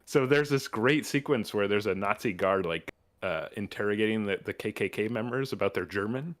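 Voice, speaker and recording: A man's voice: lowish voice, fairly quick, fairly bright tone. A man from New Mexico hosting a podcast, talking in enthusiastic, rambling casual chat with many fillers and restarts. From New Mexico, USA. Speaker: podcast host.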